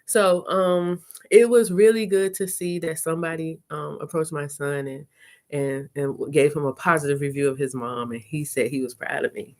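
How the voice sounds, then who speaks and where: Chatty woman vlogger, lowish voice. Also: normal speed. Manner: chatty, animated storytelling with laughs. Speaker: content creator. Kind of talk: casual live-stream chat.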